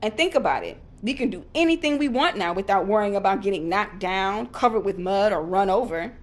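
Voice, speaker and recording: A woman voicing a bossy, boastful male meerkat in a storybook read-aloud, talking loud and snappy. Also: medium pitch, lively intonation, brisk, close to an everyday voice. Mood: dismissive.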